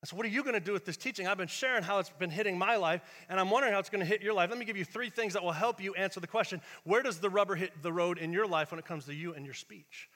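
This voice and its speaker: A man preaching a sermon in a church, his voice bright and on the high side for a man. He talks in an animated, conversational way, jumping from big shouted lines to quiet, confiding asides. A long church reverb trails behind every phrase. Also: racing, hardly any pauses. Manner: animated, acts out quoted voices, shifts between shouting and hushed asides. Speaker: pastor.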